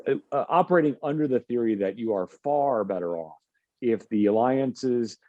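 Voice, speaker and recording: A man on a policy panel, speaking in a measured way with many fillers and restarts. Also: mid-range voice, animated, no room sound, phone-quality sound.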